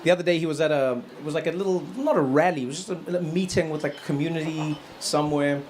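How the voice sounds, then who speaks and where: A man doing a stand-up comedy set, telling stories in an animated way and jumping into acted voices. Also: fast talker, slight background noise. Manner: animated storytelling, acts out voices with loud high bursts.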